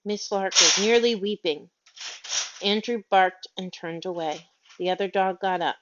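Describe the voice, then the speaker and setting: A woman narrating a children's story aloud in a gentle, measured reading. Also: lowish voice, fairly even intonation. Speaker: audiobook reader. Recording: dull lo-fi audio.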